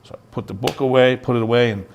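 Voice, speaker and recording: A man's voice: medium pitch, fairly even intonation, quick pace, vocal fry, lo-fi sound, slight background noise. Earnest middle-aged man telling his story. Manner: earnest storyteller who acts out quoted dialogue. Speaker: guest, youth ministry founder. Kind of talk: personal testimony in an interview.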